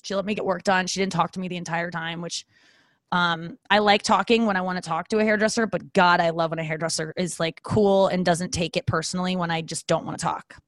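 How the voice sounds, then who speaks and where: A woman's voice: fairly low pitch, steady tone, brisk, no room sound. A woman hosting a casual solo podcast from home, chatty and self-deprecating, rambling with many fillers and acted-out asides. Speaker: podcast host. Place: home, talking to her dog.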